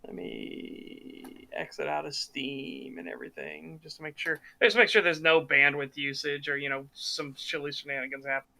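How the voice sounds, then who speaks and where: A man hosting a podcast, talking games in a casual, animated and opinionated way, swearing freely. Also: fairly high pitch, moderate pace, vocal fry. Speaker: podcast host. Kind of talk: casual gaming commentary chat.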